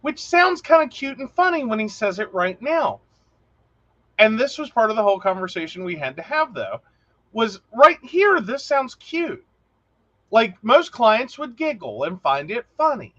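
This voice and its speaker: Animated high-voiced man telling stories. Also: moderate pace, muffled recording. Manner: animated storyteller, acts out quotes, laughs often. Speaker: podcast co-host. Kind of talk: casual chat.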